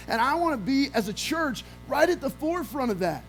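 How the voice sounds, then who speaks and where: Male pastor, very high voice, energetic storytelling sermon, faint music behind. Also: brisk, few pauses, poor audio. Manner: energetic storytelling with acted-out quotes. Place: church sanctuary.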